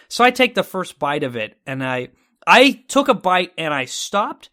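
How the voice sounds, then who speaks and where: A man's voice: on the high side, expressive, normal speed, sharp tone. A man from Texas co-hosting a casual talk show, telling a story animatedly and acting out his own reactions. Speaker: podcast co-host.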